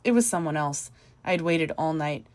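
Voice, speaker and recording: A woman's voice: sits low, animated, normal speed, darkish tone. A woman reading the part of a feverish, grieving widower who broods and sinks to a near whisper. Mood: bitter. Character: feverish grieving middle-aged man, obsessive widower.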